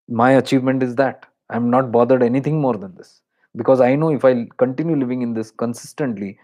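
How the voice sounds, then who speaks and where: A man with an Indian accent giving a spiritual talk, unhurried and reflective, drawing out words for emphasis and slipping into Hindi phrases. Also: mid-range voice, darkish tone. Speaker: spiritual teacher.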